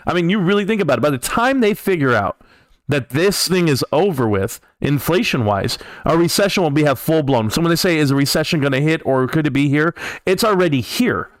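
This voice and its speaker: Hoarse-voiced man hosting a market live stream. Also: a little high, no room sound. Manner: emphatic, talks straight to viewers. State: voice worn from yelling. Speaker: host.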